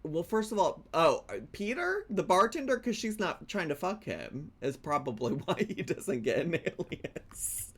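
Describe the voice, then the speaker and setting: A man's voice: a little high, sing-song, unhurried, few pauses, a bit bright. A man hosting a reaction video, commenting on clips in a playful, teasing way with swearing asides.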